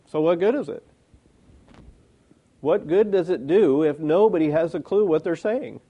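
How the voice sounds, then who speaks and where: A man's voice: on the high side, unhurried, mellow, breathy edge. A man giving a sermon in a plain, conversational way, often asking rhetorical questions. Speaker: preacher.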